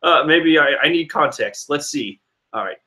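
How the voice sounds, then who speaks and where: A man casually reading and reacting to a comic chapter, animated and rambling with restarts. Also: a little high, normal speed.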